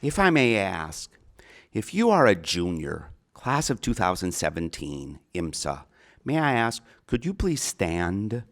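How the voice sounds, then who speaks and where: A middle-aged man with a Minnesota accent and a low, sing-song voice speaks unhurriedly. He's a college counselor giving a chatty, earnest keynote speech to an auditorium audience.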